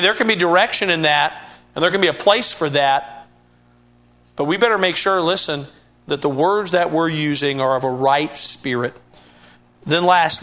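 A man's voice: a little high, bright, forceful tone. A man preaching a sermon in an earnest way, often repeating and restarting words and rising to emphatic bursts.

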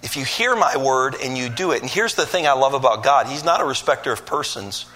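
A man's voice: mid-range voice, animated, fairly quick, bright, forceful tone. A male pastor from Michigan preaching a sermon, telling stories with voiced asides and building to emphatic peaks.

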